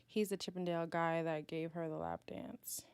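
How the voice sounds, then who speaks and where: A woman's voice: sits low, fairly even intonation, moderate pace, clean tone, dry recording. A woman hosting a casual livestream, reading and answering viewer chat, chatty and self-mocking and laughing often.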